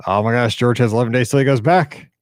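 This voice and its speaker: A man's voice: medium pitch, quick pace, no echo, clean studio sound. A man hosting a live call-in podcast, chatting casually and greeting viewers one by one, sounding tired and humming to himself between remarks. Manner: chatty, upbeat, hums and mutters to himself. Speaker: podcast host.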